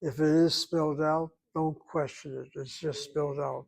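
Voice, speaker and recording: A man's voice: fairly high pitch, level tone, moderate pace, gravelly, breathy edge, rough recording. An older man teaching a Hebrew class, explaining grammar patiently and repeating his points. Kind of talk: online class lecture.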